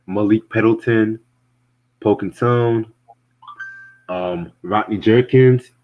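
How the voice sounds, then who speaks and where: The young host's voice runs low and slow in this casual, profane podcast conversation, recorded in dull lo-fi. Blunt and animated, the music reviewer swears liberally and laughs frequently.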